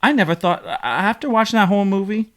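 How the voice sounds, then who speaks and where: A man's voice: sits high, fast talker, a bit bright. A man hosting a podcast, telling stories in an emotional, rambling casual chat. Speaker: podcast host.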